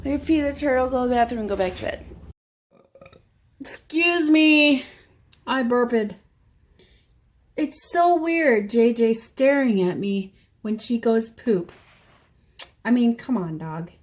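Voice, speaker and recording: A woman's voice: a little high, moderate pace, dark tone. A woman vlogging at home, chatting casually in a wry, meandering way full of asides. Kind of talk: casual rambling chat. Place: home, indoors.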